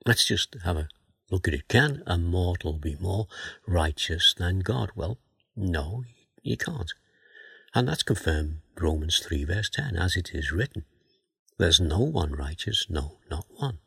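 A man giving a Bible teaching sermon, asking questions and reading scripture aloud in a measured way. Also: low voice, lively intonation, vocal fry, bright, forceful tone, breathy edge, dry recording. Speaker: preacher.

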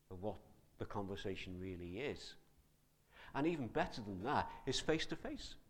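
A man preaching a sermon in a conversational, animated way, asking his listeners many questions. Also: on the low side, husky.

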